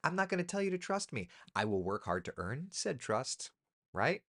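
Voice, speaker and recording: A man's voice: very animated, normal speed, fairly bright tone. A man hosting a casual live chat as a meteorologist, reading viewer comments and giving opinions. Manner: pitch swings up sharply when making a point.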